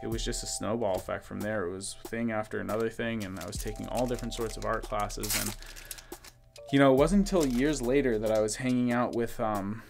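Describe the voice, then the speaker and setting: A young man hosting a card-opening video and telling a personal story in a loose, relaxed way full of ums and likes. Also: lowish voice, brisk. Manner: rambling, relaxed, frequent fillers. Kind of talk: casual story time while opening cards. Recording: music playing clearly behind the voice.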